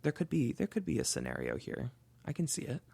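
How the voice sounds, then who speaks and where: A man's voice: mid-range voice, wildly swooping pitch, fast talker, gravelly, a little mellow, breathy edge, no echo. A man co-hosting a true-crime podcast, thinking aloud as he retells a case in casual chat. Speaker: podcast co-host.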